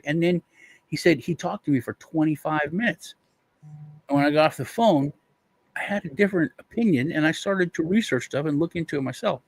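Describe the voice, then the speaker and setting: A man's voice: fairly high pitch, a little fast, dry recording. A male co-host rambling through a casual chat, retelling stories with restarts and quoted voices.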